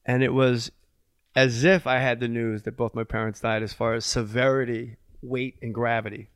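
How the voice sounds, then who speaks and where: A man's voice: medium pitch, level tone, normal speed, clear, resonant tone, dry recording, clean studio sound. A middle-aged man from New Jersey, a comedian guest, telling a long story and acting out the voices of the people in it. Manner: acts out voices in his stories, swears freely. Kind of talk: animated storytelling.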